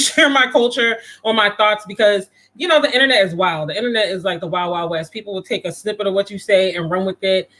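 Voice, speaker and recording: A man's voice: high-pitched, pushed and bright. A man from the United States hosting a casual livestream, rambling and laughing as he talks straight to viewers. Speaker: livestream host.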